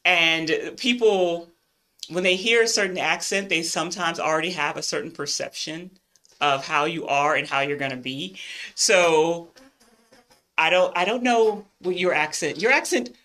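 A woman's voice: fairly low pitch, unhurried, a bit bright. A woman with a Southern US accent, hosting a podcast, chatting in an upbeat way and laughing often. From northern United States. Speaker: podcast host. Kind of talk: casual podcast interview.

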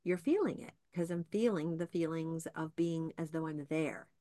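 A woman with a somewhat low voice hosts a casual podcast, chatting with animation and reading book passages aloud. The sound is close and dry. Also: normal speed, no echo. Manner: animated, laughing, reads book excerpts. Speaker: podcast host.

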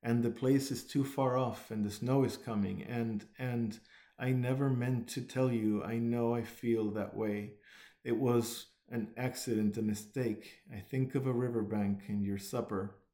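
A man's voice: mid-range voice, fairly even intonation, measured pace, dark tone, roomy sound, lightly acted. A man reading as a sobbing homesick mole. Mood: pleading. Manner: broken, tearful pleading.

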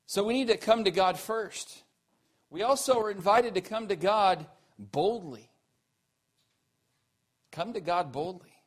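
A man preaching a sermon, earnest, asking the listeners questions, rising to emphatic peaks and then dropping low and quiet. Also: a little slow, pauses often.

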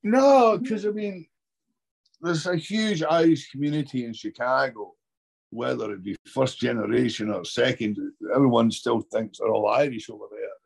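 A man's voice: mid-range voice, normal speed, creaky, slightly rough. A Scottish man chatting as an actor guest in an interview, rambling and often restarting his sentences. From Scotland. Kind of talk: casual interview chat.

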